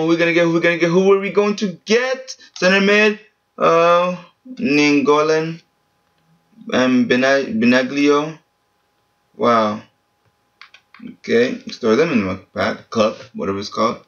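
17 yr old boy grumbling and cursing thru a video game, slow drawl, dull lo-fi mic. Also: a little high, a bit bright. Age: teens. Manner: frustrated, swears often. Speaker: gaming channel host. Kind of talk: casual gameplay commentary. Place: family home, speaking quietly.

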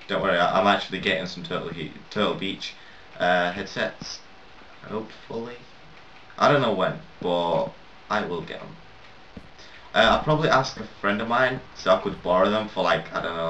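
A man with a fairly low voice rambles through casual gaming commentary, mocking himself and swearing freely. He sounds set back from a dull, lo-fi mic in an echoey room, with a faint hiss underneath. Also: fairly bright tone. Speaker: gaming video maker. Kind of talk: casual let's-play commentary. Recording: roomy, distant, dull, lo-fi mic.

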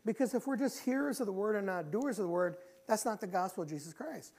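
A middle-aged man preaching a church sermon as pastor, earnest, often restarting phrases and clearing his throat. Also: high-pitched, animated, fast talker, a little mellow.

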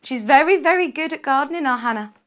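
Bubbly young british woman doing a live shopping channel pitch, a bit high, chatty, keeps correcting herself. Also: animated. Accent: British English. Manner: chatty, bubbly, chatty asides and quick self-corrections. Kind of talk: live TV selling chat. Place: TV studio.

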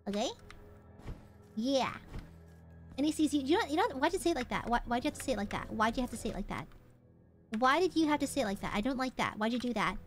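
A woman streamer giving casual gameplay commentary, playful and boastful, swearing and talking to her chat. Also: sits high.

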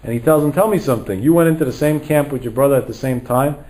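Male rabbi, mid-pitched voice, dramatic storyteller who acts out every line of dialogue. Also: quick pace, darkish tone, poor audio. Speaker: rabbi lecturer. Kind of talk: storytelling sermon.

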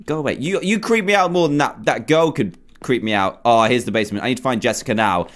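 A man's voice: medium pitch, fast, fairly bright tone. A young man hosting a horror game playthrough, jumpy and exclaiming as he talks to himself and his viewers. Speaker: gaming video host. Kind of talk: let's play commentary.

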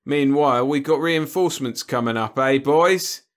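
A man's voice: medium pitch, moderate pace, pitched above the performer's own voice, natural voice. A man doing a chatty, frontier farmer. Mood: cheerful. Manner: chatty, boastful, folksy. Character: talkative, cheerful male frontier farmer. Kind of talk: audiobook character voice.

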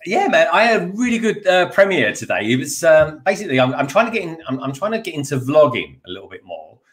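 A man's voice: a little high, big pitch swings, fast, fairly bright tone. A man joining a live stream as guest, chatting casually, laughing often and repeating words for emphasis. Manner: laughs easily, repeats himself, stresses words. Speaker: guest co-host.

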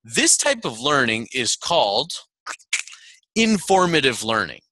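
In a measured, mid-range voice, this seminar speaker animatedly recounts a story from his own life, breaking into laughter again and again in true motivational style.

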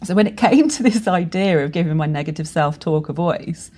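A woman with a slightly low voice hosts a solo podcast about running a business. She talks frankly and casually, dropping swear words as she goes. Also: lively intonation, fairly quick, a little mellow, slightly rough. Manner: candid, swears freely, storytelling with laughs. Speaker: podcast host and brand strategist.

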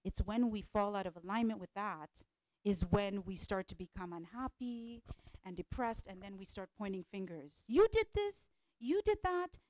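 In a conference hall, a female speaker and life coach on a panel gives a spirited motivational talk to a live audience, echoing her own phrases and often asking "right?". She speaks at a medium pitch, captured in a dry recording.

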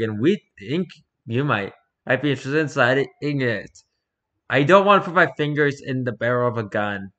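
A man reading internet posts aloud for comedy, with wry, dry asides and bursts of loud mock-arguing. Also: medium pitch, sing-song, moderate pace.

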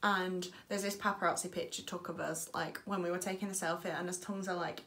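A young woman telling a story in a casual vlog chat, jumping into high squeaky voices to quote people. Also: quick pace. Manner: animated, puts on high squeaky voices when quoting. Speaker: vlogger.

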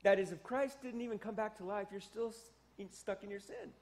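A man preaching a sermon as pastor, animated and emphatic, with joking asides and exclamations. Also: sits high, brisk, few pauses. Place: church sanctuary.

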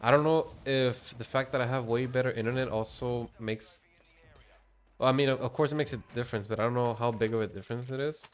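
A man's voice: mid-range voice, steady tone, quick pace. A man streaming a shooter game, rambling in casual commentary, muttering to himself and swearing now and then. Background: gunfire from the game.

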